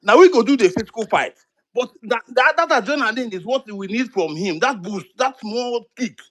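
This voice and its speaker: A man's voice: very high-pitched, animated, moderate pace, a bit bright. A Nigerian man with a Nigerian accent giving impassioned political talk on a live audio chat, repeating himself and pleading. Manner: repetitive, pleading, mixes in pidgin.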